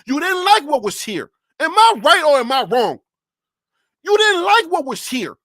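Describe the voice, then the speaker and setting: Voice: sits high, sing-song, a little slow, pushed and bright, no room sound, studio quality. A sports talk host on a live stream who rants animatedly, fires off rhetorical questions and repeats phrases, speaking into a desk USB microphone.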